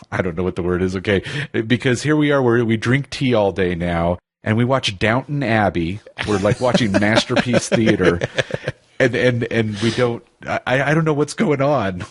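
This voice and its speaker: Man, podcast co-host, rambling casual chat, giggles, low voice. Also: expressive, moderate pace.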